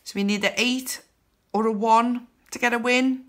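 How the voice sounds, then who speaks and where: A woman hosting a scratchcard video, counting numbers aloud in casual narration with bursts of excited whoops. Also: a little high, normal speed. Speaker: scratchcard channel host.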